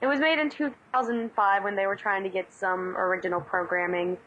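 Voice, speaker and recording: A woman's voice: mid-range voice, fairly even intonation, brisk, a bit bright, highs cut off. A woman in her twenties co-hosting a casual podcast over a Skype call, bantering and laughing easily while reading the news. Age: 20s.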